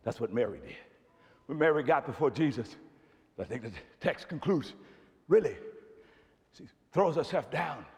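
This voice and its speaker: A male pastor preaching a sermon, moving from quiet storytelling into shouted, emphatic passages. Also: medium pitch, animated, normal speed, pauses often. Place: church sanctuary. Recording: long reverb of a church hall.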